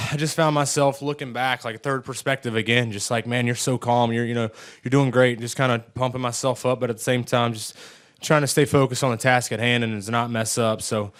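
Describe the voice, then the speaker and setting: A young man, a race car driver, answers press questions in a halting, emotional way with frequent sighs. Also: medium pitch, steady tone, a bit bright. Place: post-race press room.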